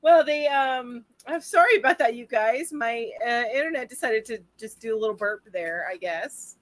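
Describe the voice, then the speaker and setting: A woman co-hosting a casual crochet livestream over a video call, chatty and quick to laugh. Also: a little high, no echo. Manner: bubbly, laughs often, chatty asides.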